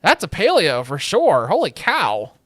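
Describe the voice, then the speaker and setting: A young man rambles through casual gameplay commentary from home, dropping wry, sarcastic asides. His voice sits a touch high and sounds dry and close. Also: wildly swooping pitch, unhurried, pushed and bright, no room sound. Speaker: streamer. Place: home room with a webcam.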